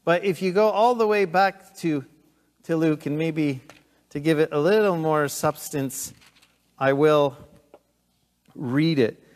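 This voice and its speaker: A middle-aged man preaching a sermon as pastor, earnest and emphatic, swinging between loud urgency and hushed intensity. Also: on the high side, slow, long pauses. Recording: long hall reverb.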